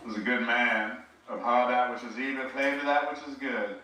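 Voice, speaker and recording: A man's voice: mid-range voice, steady tone, moderate pace, pushed and bright, pitched below the performer's own voice, natural voice. A man in his sixties doing an impression of an old-time preacher, with grand, rolling oratory. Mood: grandiose. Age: 60s. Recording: roomy, distant mic.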